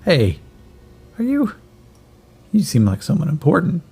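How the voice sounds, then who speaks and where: Man voicing a chatty cyborg kid, gravelly, gallows humor, slightly raised pitch. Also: wildly swooping pitch, a little slow, mellow, full character voice. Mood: joking. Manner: wry, rambling, gallows humor. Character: skinny starving cyborg kid, chatty, joking.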